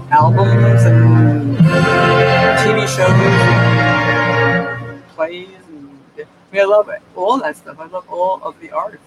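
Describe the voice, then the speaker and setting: This man's voice sits high, and the recording is rough. A vlogger from New York State, USA, he chats casually to his camera at home in a wandering, digressive way, often restarting and laughing. Music is playing in the background, and sound comes through the camera microphone.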